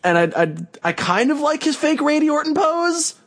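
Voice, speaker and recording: A man's voice: extremely high pitch, very animated, normal speed, a bit bright. A man co-hosting a casual podcast, talking in a sarcastic, rambling way. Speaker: podcast co-host. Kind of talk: casual wrestling chat.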